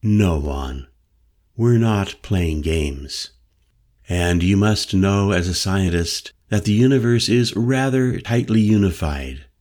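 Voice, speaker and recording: A man reading an audiobook voices an old male mystic elder with a low, penetrating voice who lectures solemnly and insistently. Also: slow, a little mellow. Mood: earnest. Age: older. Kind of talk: audiobook character voice.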